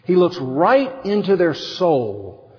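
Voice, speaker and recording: A man preaching a sermon as pastor, animated, acting out quotes with big swings in pitch. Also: slow pace. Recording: dull lo-fi sound with long hall reverb.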